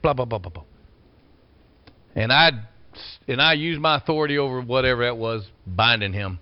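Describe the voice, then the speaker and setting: A man preaching a folksy storytelling sermon, swinging from loud bursts to quiet asides. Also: medium pitch, lively intonation, brisk, dry recording. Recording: dull lo-fi sound.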